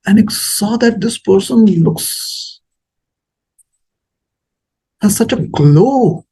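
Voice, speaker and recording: A man giving a sermon, telling a story in a lively, animated way. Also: high-pitched, extremely slow, slightly rough. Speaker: speaker at a temple talk.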